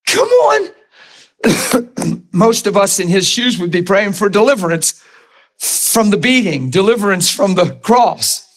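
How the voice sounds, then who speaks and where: A middle-aged man, preaching a sermon in a conversational, animated way, with asides to the congregation. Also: sits high, moderate pace. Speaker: pastor.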